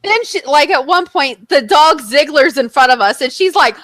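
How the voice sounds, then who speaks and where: A woman's voice: high-pitched, moderate pace, no room sound. A young woman co-hosting a podcast, telling a story in casual chat, acting out what people said and swearing freely. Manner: animated, acts out quotes, swears. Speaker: podcast co-host.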